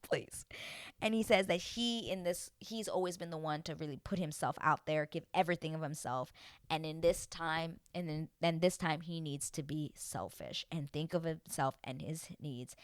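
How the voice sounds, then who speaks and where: Animated woman recapping in a dry room. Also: low-pitched, normal speed, no room sound. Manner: animated and exclamatory. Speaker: recap vlogger. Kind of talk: casual reality-show recap.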